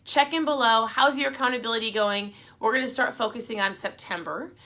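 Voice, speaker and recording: A woman's voice: a little high, fairly quick, bright, forceful tone. A middle-aged woman giving upbeat, encouraging motivational advice in a casual, chatty talk to her viewers.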